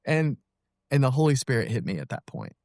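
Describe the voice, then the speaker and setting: A man in his thirties telling his personal story as a podcast guest, earnest and halting, with many fillers and restarts. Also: medium pitch, sing-song, a little mellow, no echo, studio quality. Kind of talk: personal testimony in an interview.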